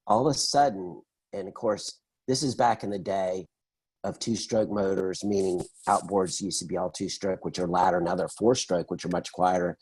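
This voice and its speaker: Husky low-voiced man telling a story. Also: moderate pace, rough recording. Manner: animated storyteller, acts out quoted voices. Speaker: interview guest. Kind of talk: conversational storytelling.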